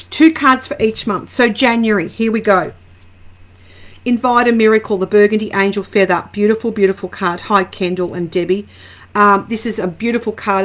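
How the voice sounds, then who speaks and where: A woman's voice: mid-range voice, fairly bright tone. A middle-aged Australian woman doing a casual live-stream angel card reading, greeting viewers by name and drifting into rambling personal asides.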